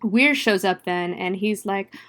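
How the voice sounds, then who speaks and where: A woman podcast host tells a movie plot the way she would tell a friend. She fills her sentences with "like", swears freely, and breaks into exclamations and laughs. Her voice sits at an ordinary middle pitch. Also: a little slow, a bit bright. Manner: chatty, profane retelling with frequent "like". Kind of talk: casual movie recap.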